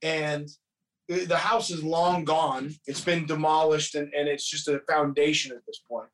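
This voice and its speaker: A man's voice: on the high side, fairly even intonation, unhurried, fairly bright tone, recorded from a distance. A man casually retelling a movie plot, profane and rambling, quoting characters as he goes. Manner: profane, rambling storytelling with quoted voices. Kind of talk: casual movie recap chat.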